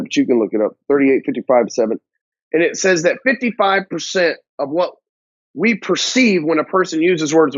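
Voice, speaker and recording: A man's voice: fairly high pitch, no echo. A male business coach giving a blunt, profane motivational talk to camera, full of slang and swearing. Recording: dull, dry lo-fi audio.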